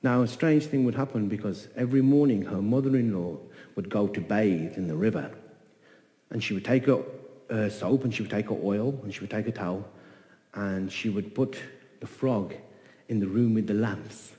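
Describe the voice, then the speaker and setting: A man telling a folk tale in an animated way, repeating phrases and voicing the characters. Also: fairly low pitch, normal speed, long reverb tail. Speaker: storyteller. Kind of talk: oral folk-tale storytelling.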